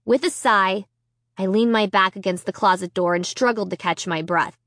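A woman narrating a children's chapter book in the first person, with tense, expressive reading. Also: mid-range voice, normal speed, no room sound, clean studio sound. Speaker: audiobook narrator.

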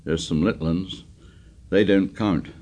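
A man voicing an anxious, stubborn schoolboy who speaks in a shrill, insistent, pleading way. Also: measured pace, mellow.

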